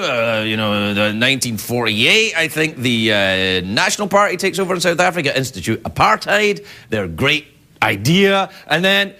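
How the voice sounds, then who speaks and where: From a TV studio before a live audience, a middle-aged late-night host from Scotland rambles through a playful comic monologue, cutting himself off as he goes. He speaks at normal speed in a fairly high, sharp voice with big pitch swings, and a faint crowd can be heard.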